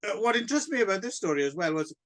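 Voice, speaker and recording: A man's voice: high-pitched, very animated, rapid-fire, fairly bright tone. A man co-hosting a book podcast in casual chat, wry and chatty. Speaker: podcast co-host.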